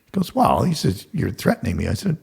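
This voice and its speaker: A man's voice: fairly low pitch, huge pitch swings, fast talker, gravelly, a little mellow, husky. An older man, a guest telling stories casually and acting out the dialogue, swearing freely. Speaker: guest contractor. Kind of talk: casual storytelling.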